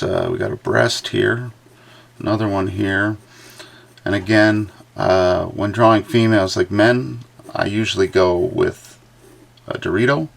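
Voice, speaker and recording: A very low, gravelly male voice that talks along as he draws. He rambles and thinks out loud, full of uhs and half-finished thoughts, like an artist chatting with viewers during a live stream. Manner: rambling, thinks aloud with many fillers. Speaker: artist livestreaming a drawing session. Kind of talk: casual running commentary while drawing.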